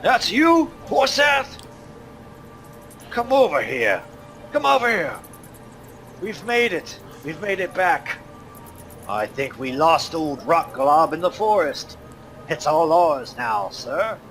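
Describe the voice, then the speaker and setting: A man voicing an excitable male dwarf who shouts and calls out boastfully. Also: on the high side, takes it slowly, faint music behind, voice pushed up. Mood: excited. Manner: shouting, calling across a distance.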